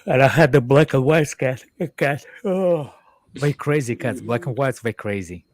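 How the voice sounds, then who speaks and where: A man's voice: mid-range voice, moderate pace, slight background noise. Man from Moldova chatting casually. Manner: animated storytelling, some stumbles. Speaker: stream panelist. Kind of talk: casual chat.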